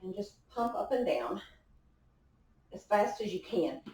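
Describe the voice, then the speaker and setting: Lively intonation colors this young woman's mid-range, slightly mellow voice, and she speaks a little slowly. As a fitness instructor leading a class at home, she exercises along and gives encouragement. A distant camera mic records her in an echoey indoor room.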